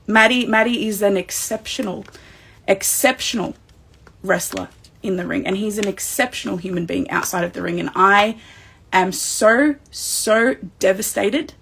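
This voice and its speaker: A woman with an Australian accent hosting a wrestling recap livestream, excitable and emotional as she speaks straight to the fans. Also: medium pitch, a little slow, creaky, slightly rough.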